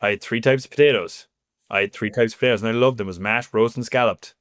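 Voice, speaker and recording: A man's voice: fairly low pitch, fast talker, dry recording, studio quality. Chatty Irish man from Cork. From Ireland. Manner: chatty, animated, lots of fillers like "you know". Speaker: guest. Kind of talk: casual interview chat.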